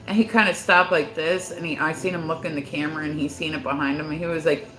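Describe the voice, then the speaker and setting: A woman's voice: sits low, fairly even intonation, quick pace, fairly bright tone, roomy sound, slight background noise, poor audio. A woman chatting casually on her livestream, rambling with constant filler words and frequent swearing.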